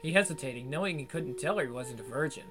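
Male audiobook narrator over soft guitar. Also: mid-range voice, fast talker. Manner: steady storytelling read. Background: faint guitar music.

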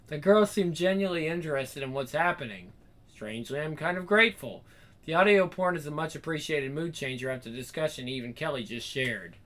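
A man narrates a first-person adult comedy story with a wry, animated delivery and casual swearing. His voice sits a little high and sounds bright and forceful. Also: a little fast.

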